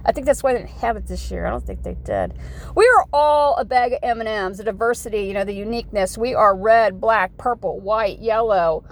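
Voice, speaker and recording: A woman's voice: a little high, expressive, fairly quick, slight background noise. A woman in her forties from the United States, talking in a rambling, folksy vlog monologue full of "you know" asides. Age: 40s. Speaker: vlogger.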